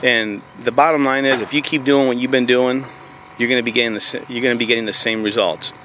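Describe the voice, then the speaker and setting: A man with a bright, forceful voice gives a motivational talk to camera, full of energy as he tells stories from his network marketing work. He speaks from inside a car, with faint road noise behind him. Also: mid-range voice, fast. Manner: energetic storytelling, slips into quoting himself.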